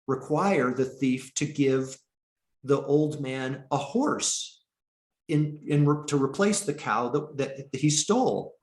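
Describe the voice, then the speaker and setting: A man teaching an online meditation class, speaking slowly and haltingly with many restarts, over a video call. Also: mid-range voice, roomy sound. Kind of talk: online dharma talk.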